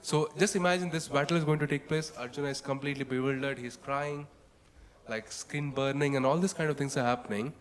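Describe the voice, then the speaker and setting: A man's voice: mid-range voice, steady tone, fairly quick, in a large hall. A man giving a casual talk on scripture, chanting verses and then explaining them with many fillers like "like" and "you know.". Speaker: devotional speaker explaining scripture. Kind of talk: casual spoken scripture commentary.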